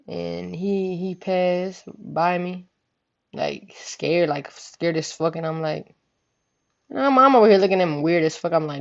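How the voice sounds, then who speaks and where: A woman's voice: on the low side, slow, creaky, muffled recording. A young woman vlogger telling a story casually, profane and rambling, often asking "you know what I'm saying". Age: young adult.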